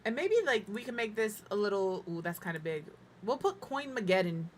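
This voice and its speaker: Chatting casually on a home live stream, a middle-aged woman builds in a life-sim game and talks to her cat and viewers, poking fun at herself. Her medium-pitched voice is animated and brisk, with slight background noise.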